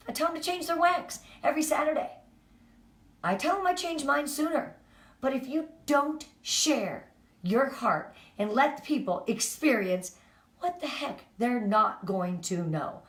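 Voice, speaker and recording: A middle-aged woman giving an energetic, emphatic motivational talk to her sales team. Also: mid-range voice. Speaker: team leader. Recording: echoey room.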